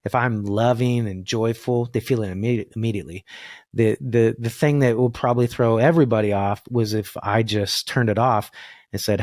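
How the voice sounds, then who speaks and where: Middle-aged male voice coach, earnest and animated, lowish voice, dry sound. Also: normal speed, no echo. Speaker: voice coach, podcast guest. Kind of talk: reflective podcast conversation. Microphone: video call.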